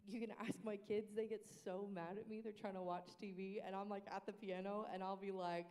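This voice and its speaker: A woman in a casual panel discussion on worship team practice, talking in an animated way and now and then singing short phrases to demonstrate. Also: mid-range voice, brisk. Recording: reverberant room.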